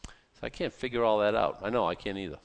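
A man preaching a Bible sermon in a conversational, animated way, often restarting and breaking into asides. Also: on the low side, quick pace, vocal fry. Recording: long hall reverb.

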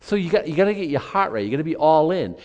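A middle-aged man preaching a sermon in an animated way, acting out the excuses people make. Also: a little high, fast talker. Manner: animated, acts out rationalizing voices.

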